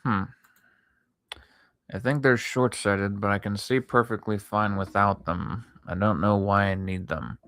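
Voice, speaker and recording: A drowsy man talks slowly and lazily in a fairly low voice while he draws on a late-night stream. He swears offhandedly and drifts between chatting with viewers and muttering to himself. The sound is close and dry, with no room around it. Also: steady tone, a bit bright, no echo. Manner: laid-back, swears a lot, talks to chat between pauses. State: sleepy, yawning. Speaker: art streamer. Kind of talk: casual chat while drawing.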